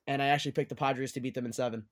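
A man's voice: mid-range voice, steady tone, rapid-fire. A young adult man hosting a casual sports podcast, talkative and steering the discussion with bold picks. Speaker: podcast host.

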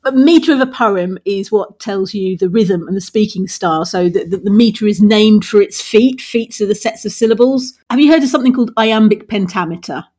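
A woman's voice: mid-range voice, brisk, few pauses, a little mellow. A woman, co-hosting a podcast and explaining poetry in a playful, teacherly way. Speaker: podcast co-host. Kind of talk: casual chat.

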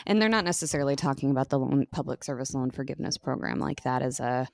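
A woman's voice: a bass voice, steady tone, fast, vocal fry, few pauses, a little mellow, no room sound. An American woman co-hosting a podcast in casual chat, full of "like" fillers and easy laughter. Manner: chatty, lots of "like" fillers, laughs easily. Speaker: podcast co-host.

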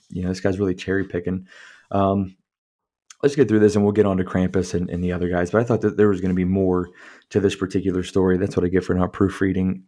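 Low, mellow-voiced man reading aloud. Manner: stumbles over words, swears freely, chuckles at the text. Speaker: podcast host. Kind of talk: reading a book aloud with casual commentary.

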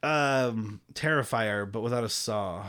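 A man's voice: fairly low pitch, a little slow, fairly bright tone. A man co-hosting a podcast, recapping a film in casual chat, rambling with lots of fillers and free swearing. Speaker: podcast co-host.

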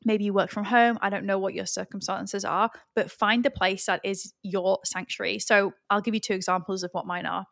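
A woman's voice: medium pitch, little pitch movement, normal speed, gravelly, hardly any pauses, a bit bright, no echo. Candid, swearing woman podcast host, dry sound. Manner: candid and earnest, swears casually. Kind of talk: solo podcast monologue.

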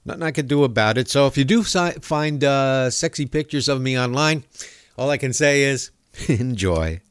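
A male talk show host ranting in a profane, mocking monologue. His pitch swings up and down a great deal as he jabs at his targets. The sound is close and dry, with no room around it. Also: expressive, normal speed, clear, resonant tone, no room sound. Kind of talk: comedic rant monologue.

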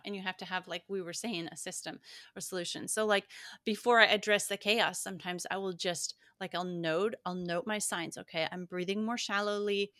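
A woman co-hosting a podcast, explaining things in a calm, thoughtful way. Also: fairly low pitch, no room sound, studio quality. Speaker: podcast co-host. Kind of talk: casual chat.

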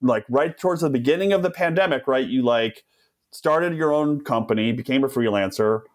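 A man hosting a podcast in an easygoing, conversational way. His voice sits in an ordinary middle pitch. He sounds enthusiastic and laughs easily as he chats with his guest. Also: normal speed. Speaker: podcast host. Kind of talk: casual interview chat.

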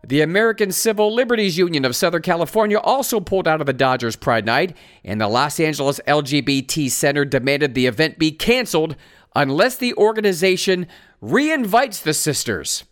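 A man's voice: a little high, lively intonation, a little fast, a bit bright. A man hosting a commentary show, reading news items aloud and mocking them with sarcastic asides. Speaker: host.

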